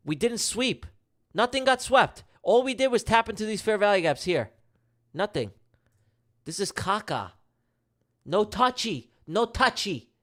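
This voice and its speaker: A man streaming his live day trading, talking casually and emphatically to his chat with slangy, repetitive banter and jokes. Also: high-pitched. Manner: slangy, emphatic, repeats himself; jokey banter with viewers.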